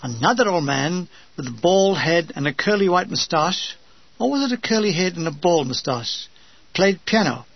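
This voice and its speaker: A man's voice: high voice, animated, moderate pace, slightly rough, dry recording, highs cut off. An older man reading his humorous wartime memoir aloud with a dry comic delivery, briefly mimicking his comrades.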